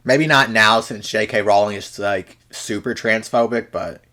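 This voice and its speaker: A man's voice: on the low side, a little slow, bright, forceful tone. A man hosting a reaction video, making casual joking comments full of fillers and mock-serious rants.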